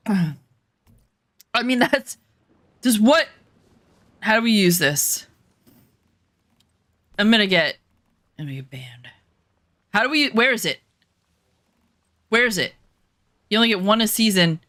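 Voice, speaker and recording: Streaming a survival game, this woman jokes casually with her viewers, mocking herself, getting flustered easily, and swearing freely. Her medium-pitched voice is animated and fairly bright, though slow with long pauses. No room sound is audible.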